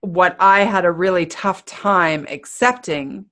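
A woman giving a motivational talk in an energetic, playful, conversational way. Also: on the low side, takes it slowly. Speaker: motivational speaker.

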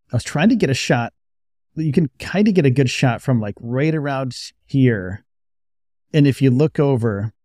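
A man's voice: mid-range voice, dark tone, dry recording, studio quality. A man telling a rambling, casual story to his viewers, full of restarts and asides. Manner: rambling, conversational, many restarts. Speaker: YouTuber. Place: outdoors by a roadside.

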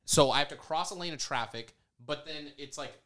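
A man's voice: on the high side, a little fast, a bit bright. A young man on a casual podcast, telling a story about himself and often laughing as he acts out the people in it. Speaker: podcast co-host.

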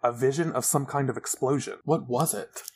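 A man reading a gentle young hero. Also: medium pitch, moderate pace, breathy edge, lightly acted. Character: young man, caring, troubled by visions.

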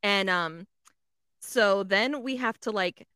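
A woman's voice: mid-range voice, takes it slowly, sharp tone, clean tone, dry recording, studio quality. A woman telling a story in casual chat, swearing often, filling with "like" and acting out the other voices. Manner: swears a lot, fills with "like", acts out voices.

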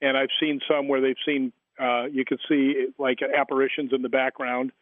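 A man's voice: medium pitch, level tone, moderate pace, no room sound. Man telling stories over a phone line. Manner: rambling anecdotes with many fillers and restarts. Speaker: guest, paranormal author. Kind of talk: storytelling in an interview. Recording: tinny phone line, dry.

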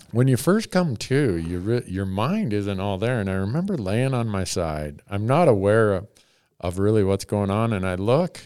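A man with a very low, smooth and resonant voice spins a rambling story on a podcast, chuckling at himself as he goes. The sound is close and dry. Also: lively intonation, normal speed, darkish tone, dry recording. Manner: rambling, self-mocking, chuckles often. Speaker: podcast host telling a story. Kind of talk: casual storytelling.

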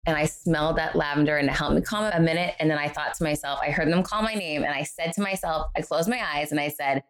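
A middle-aged woman, interviewed on a podcast as a guest author, talks fast in a low-pitched voice while telling a story. She animates it by voicing the people she quotes.

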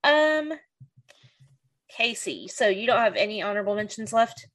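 Lively, chatty woman podcast host. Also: mid-range voice, normal speed. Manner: laughs often, lively and chatty. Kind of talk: casual podcast chat.

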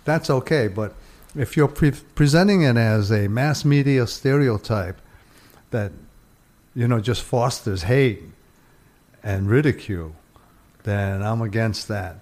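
A man in a casual group discussion, explaining his views in a measured way. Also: medium pitch, darkish tone.

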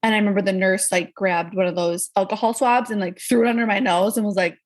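A woman's voice: medium pitch, quick pace. A young woman guest candidly recounting her experiences in a casual interview, acting out what others said. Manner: candid, animated, acts out quoted voices. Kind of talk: casual conversational storytelling.

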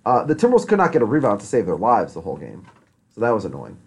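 Male podcast host, rapid lively delivery, laughs easily. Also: fairly low pitch, breathy edge. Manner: fast, animated, laughs a lot. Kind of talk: casual chat.

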